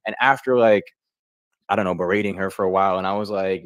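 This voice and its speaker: Young male comic, low voice, dry close sound, crude rambling delivery. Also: steady tone, fast, no room sound. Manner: rambling, crude, loose storytelling. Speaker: comedian contestant. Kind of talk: stand-up comedy set.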